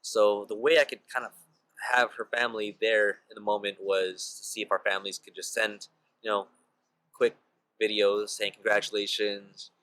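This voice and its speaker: A man's voice: on the low side, level tone, normal speed, a bit bright, rough recording. A young man casually telling a personal story as a vlogger, peppering his talk with "like" and "you know.". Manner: chatty, heavy use of "like" and "you know" fillers.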